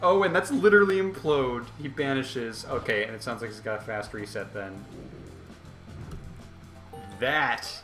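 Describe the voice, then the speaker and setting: A man giving chatty, excitable gameplay commentary as a channel host. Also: mid-range voice, unhurried, pauses often. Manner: chatty, excitable, laughs a lot. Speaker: let's play host. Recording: roomy echo, faint game music.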